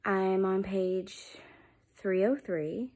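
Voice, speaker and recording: A woman's voice: medium pitch, very slow, darkish tone. A tired young woman chatting casually to her vlog camera at home, sleepy and self-deprecating. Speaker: vlogger.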